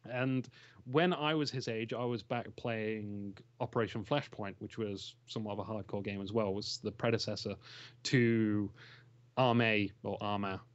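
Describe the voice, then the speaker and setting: A man's voice: fairly low pitch, steady tone, moderate pace, no room sound, lo-fi sound. A man chatting casually as an interview guest about strategy games, rambling and enthusiastic, laughing often. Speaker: interview guest, game shoutcaster.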